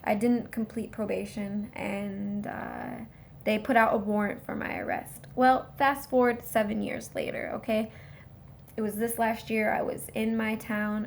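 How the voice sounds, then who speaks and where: A woman's voice: on the high side, gravelly, slight background noise. A woman vlogger telling a rambling personal story straight to her viewers in a casual way.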